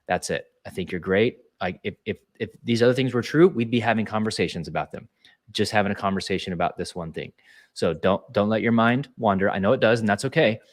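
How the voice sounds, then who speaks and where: A man's voice: on the low side, quick pace. A man speaking as a leadership speaker in a casual webinar, talking earnestly in a coaching way with frequent restarts.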